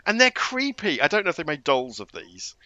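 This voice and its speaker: A man co-hosting a casual podcast chat, animated and quick to laugh, often tripping over repeated words. His voice sits fairly high with a lot of lift and fall, bright in tone, recorded close and dry. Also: dry recording, muffled recording. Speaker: podcast co-host.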